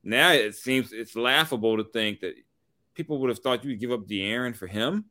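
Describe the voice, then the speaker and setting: Rambling, animated sports talk man. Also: medium pitch, normal speed, no echo. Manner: rambling, animated, many restarts. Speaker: sports radio co-host.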